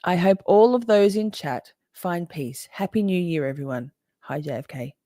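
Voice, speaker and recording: A woman's voice: lowish voice, expressive, moderate pace, dark tone, no echo, clean studio sound. A woman hosting a live stream, reading chat aloud and talking back in a casual, emotional, sweary way. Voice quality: swears freely, emotional and chatty. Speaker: livestream host reading chat.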